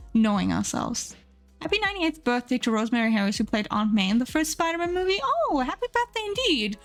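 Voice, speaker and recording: Chatty woman streamer, slightly high. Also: creaky. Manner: chatty, rambling with many fillers. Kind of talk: casual chat while drawing.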